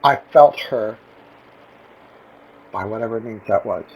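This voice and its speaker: A man's voice: lowish voice, a little slow, slightly rough, dull audio. A man talking earnestly to camera in a reflective personal vlog, searching for words and restarting his sentences, close to tears. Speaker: vlogger.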